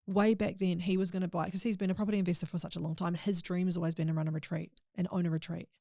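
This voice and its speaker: A woman's voice: on the low side, level tone, racing, vocal fry, mellow, no echo, clean studio sound. A woman guest on a podcast, telling a personal story in a candid, emotional way in casual chat.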